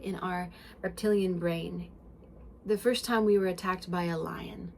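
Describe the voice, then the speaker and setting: A woman talks straight into her own podcast in an emphatic spiritual self-help monologue. She swears freely and swings between loud bursts and hushed passages. Her pitch sits in the middle range for a woman. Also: creaky, slight background noise. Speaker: podcast host.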